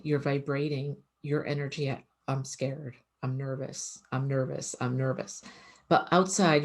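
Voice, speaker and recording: A woman's voice: low-pitched, a little mellow. A woman, an animal communicator, giving casual advice in an earnest, conversational way that often repeats itself.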